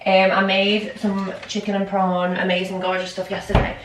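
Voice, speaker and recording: A woman's voice: medium pitch, monotone, moderate pace, slight background noise. Rambling woman vlogging. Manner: rambling and scattered, many ums. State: shaky and out of breath. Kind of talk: casual chatty vlog. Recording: echoey room, mic at a distance.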